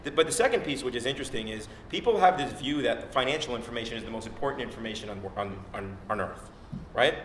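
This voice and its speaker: Quick, argumentative panel speaker, man. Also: mid-range voice, expressive, a bit bright. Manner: quick, argumentative, many restarts. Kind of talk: conversational panel talk. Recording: echoey room, faint noise.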